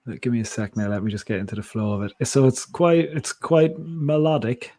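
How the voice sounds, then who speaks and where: A man chatting as a podcast co-host, his voice sitting at an ordinary middle pitch. He rambles and digresses, cutting himself off and circling back. The sound is dry and close, with no room echo. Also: animated, a little fast, dark tone. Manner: rambling, digressive, self-interrupting. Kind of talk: casual chat.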